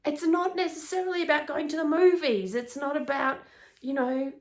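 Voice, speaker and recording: A woman's voice: sits high, normal speed. A middle-aged woman, a life coach, talking casually to camera in a chatty, upbeat way, often laughing.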